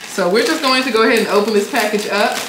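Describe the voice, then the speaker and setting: A young woman, chatting excitedly in a casual unboxing vlog and often breaking into laughter. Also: fairly high pitch, quick pace. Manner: excitable, laughing, squealing bursts. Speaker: beauty vlogger. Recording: echoey room with faint noise.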